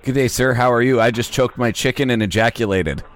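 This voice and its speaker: A man making prank phone calls, delivering absurd lines in a deadpan way. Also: mid-range voice, fairly quick, slight background noise. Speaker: prank caller, podcast host.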